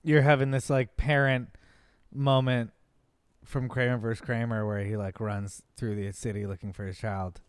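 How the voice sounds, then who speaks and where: A man with a smooth, mid-pitched voice, co-hosting a podcast. He chats casually and throws in wry, teasing remarks, recorded dry and close to the mic. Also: flat delivery, normal speed, dry recording. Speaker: podcast co-host. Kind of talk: casual chat.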